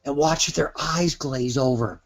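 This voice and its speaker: A man giving an instructional webinar in a lively, conversational way, acting out little quoted exchanges. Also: unhurried. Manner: animated, acts out quoted trade-show exchanges in a higher voice. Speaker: webinar presenter. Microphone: webinar microphone.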